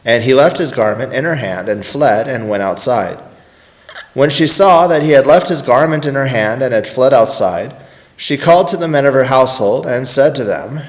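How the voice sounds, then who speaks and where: A man reading scripture aloud at a steady, unhurried pace. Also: medium pitch. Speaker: scripture reader.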